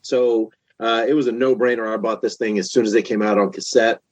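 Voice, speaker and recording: A man in his fifties, a podcast guest, telling a long story in a casual, animated way with lots of restarts. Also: on the low side, fairly quick, no room sound. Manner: animated, chatty, many restarts.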